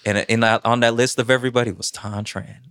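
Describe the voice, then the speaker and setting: A man in his twenties telling a personal story conversationally, in an animated, slangy, self-mocking way, recorded inside a prison. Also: mid-range voice, fast, smooth, no echo, studio quality. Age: 20s. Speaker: storyteller guest.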